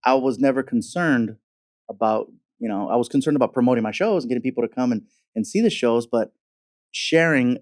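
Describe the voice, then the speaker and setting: A comedian guest spins stories in a relaxed chat and slips into other people's voices as he goes. His voice sits at an ordinary middle pitch. It is close and dry on a studio mic. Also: brisk, no echo. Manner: animated storyteller who acts out other people's voices. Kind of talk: casual storytelling chat.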